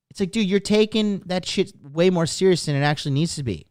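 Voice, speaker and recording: A man's voice: high voice, a little fast, few pauses, darkish tone, no echo, clean studio sound. A man hosting a live-streamed dating talk, telling stories in a crude, blunt, profane way. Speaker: dating coach host. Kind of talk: live-streamed casual monologue.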